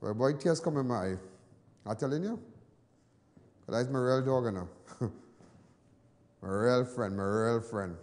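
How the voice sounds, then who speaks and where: A Trinidadian man hosting a news show, telling personal stories in casual commentary, animated and then low and soft when sad. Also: measured pace, long pauses, big-room sound. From Trinidad and Tobago.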